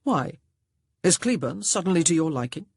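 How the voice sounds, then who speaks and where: Woman reading a roguish gentleman, low husky voice, dry sardonic delivery, clipped lines. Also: expressive, moderate pace, no room sound, full character voice. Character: roguish wry gentleman, self-assured. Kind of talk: audiobook character voice.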